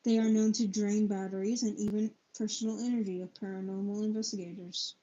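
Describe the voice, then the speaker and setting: A young woman reads a book aloud on a live stream in a mellow, mid-range voice with flat delivery. Her reading is halting, with stumbles, self-corrections, and spelled-out hard words, captured as dull lo-fi audio from a low-quality mic.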